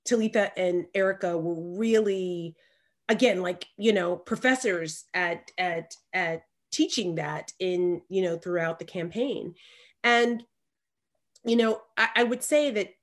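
A woman's voice: lowish voice, a little slow. Southern woman co-hosting a chat. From Alabama, US South. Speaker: podcast co-host. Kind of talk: casual chat.

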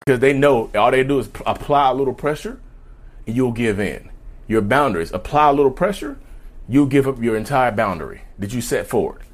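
A man's voice: medium pitch, expressive, fairly quick. A man with a slight lisp from new dental work, giving viewers a rambling, emphatic advice rant and repeating his points. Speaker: vlogger.

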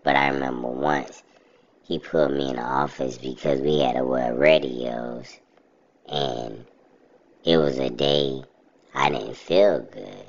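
During an interview, a young man tells a story in a laid-back, chuckling, casual way. His voice is extremely low, slow and creaky, and the audio is slightly muffled.

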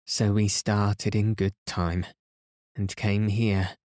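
A man reading the part of a remorseful elderly father who talks softly and slowly, pleading as he speaks. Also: lowish voice, flat delivery, no echo, studio quality.

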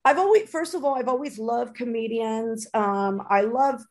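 Brief: higher-pitched woman host, gushing casual podcast chat, lots of restarts. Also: moderate pace. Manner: gushing, excitable, many fillers and restarts.

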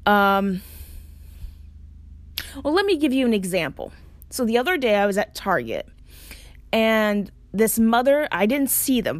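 A woman with a mid-range voice gives spiritual practice tips as a solo vlogger, talking casually and reflectively to camera. She hesitates and searches for words, using lots of fillers, and the audio has no echo.

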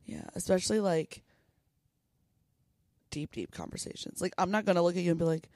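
A woman's voice: lowish voice, a little fast, pauses often, a little mellow, no echo, clean studio sound. A woman co-hosting a podcast in casual chat, blunt and rambling, swearing freely. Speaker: podcast co-host.

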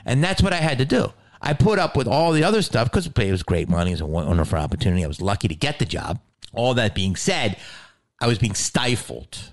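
A man, an actor and comedian, telling a story in casual talk, animated and profane, acting out the people he quotes. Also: medium pitch, fast talker.

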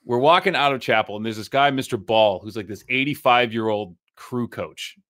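A man's voice: medium pitch, normal speed, a bit bright. Wry, teasing New Hampshire man. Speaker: podcast co-host. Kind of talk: casual storytelling banter.

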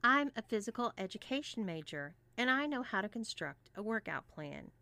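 A woman voicing a sporty young college woman who speaks in a brisk, matter-of-fact way. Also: on the high side, sing-song, vocal fry, bright, forceful tone, dry recording, pitched above the performer's own voice, full character voice.

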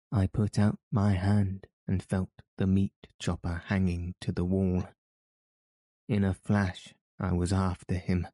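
A man narrating an audiobook in a measured, even storytelling manner. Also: sits low, dry recording. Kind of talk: scripted narration.

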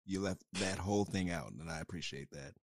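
A man's voice: sits low, fairly quick, no room sound, clean studio sound. A man co-hosting a podcast in casual chat, easygoing and reassuring. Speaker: podcast co-host.

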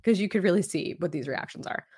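A woman with a slightly low voice hosts a casual recap podcast. She rattles through events in a loose, chatty way, often slipping into quick impressions of what people said. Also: expressive, darkish tone, husky. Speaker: podcast co-host.

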